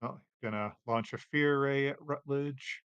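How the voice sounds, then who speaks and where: A man narrating as game master of a tabletop game, relaxed, with many fillers. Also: medium pitch, unhurried, muffled recording, noisy background.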